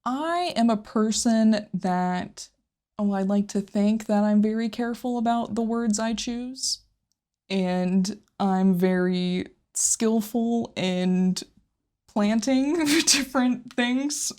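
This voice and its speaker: With a medium-pitched, darkish voice, a woman talks about a game on a casual podcast she co-hosts. She's thoughtful, frequently laughing, and openly moved at times.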